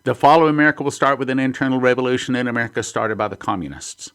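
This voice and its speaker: A man's voice: medium pitch, racing, a bit bright, clean tone. A man hosting a prophecy ministry, teaching in a sermon style and reading headlines and quotes aloud earnestly.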